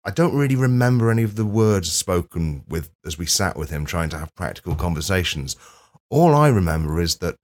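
A low-voiced man talks through a comic podcast monologue in a dry, self-deprecating way. He swears freely and breaks into sudden loud outbursts. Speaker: podcast host. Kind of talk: comedic monologue.

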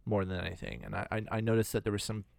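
A man's voice: fairly low pitch, expressive, very fast, gravelly, darkish tone, no echo. A man co-hosting a podcast, telling stories loosely with lots of fillers and swearing. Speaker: podcast co-host. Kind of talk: casual chat.

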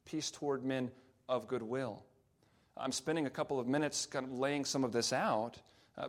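A man, a pastor, preaching a sermon and explaining scripture with frequent fillers and restarts. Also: fairly high pitch. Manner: reads scripture aloud slowly.

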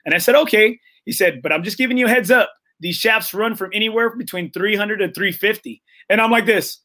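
Animated, bright-voiced man telling stories. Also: high-pitched, a little fast. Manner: animated, acts out quotes with many fillers and "right?". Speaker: podcast host. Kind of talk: casual storytelling chat.

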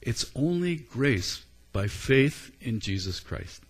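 A man preaching a sermon as a pastor, in an earnest, conversational way with frequent pauses and ums. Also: mid-range voice, big pitch swings, husky.

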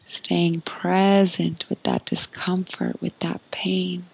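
A woman hosting a podcast, giving a soft, earnest spiritual monologue in a breathy, often whispered voice. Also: fairly low pitch, little pitch movement, slow, rough recording. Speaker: podcast host.

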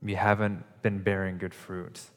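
A man with a fairly low voice preaches a Sunday sermon in an earnest, conversational way, building his points through repeated phrases. His voice carries a long reverb from the church hall around him. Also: level tone, unhurried. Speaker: pastor. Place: church service.

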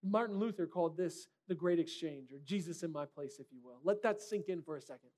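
A man's voice: on the high side, brisk, a little mellow. A man preaching a sermon as a pastor, in a direct, conversational way with rhetorical questions.

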